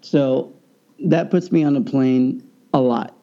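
A man telling a personal story in a casual conversation, animated and acting out the people he quotes. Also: medium pitch, slow. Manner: animated, acts out quoted voices. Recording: dull lo-fi sound.

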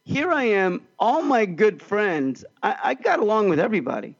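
A man co-hosting a podcast, telling a story in an animated, excitable way. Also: high voice, normal speed, vocal fry, highs cut off. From California. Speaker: podcast co-host. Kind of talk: casual storytelling chat.

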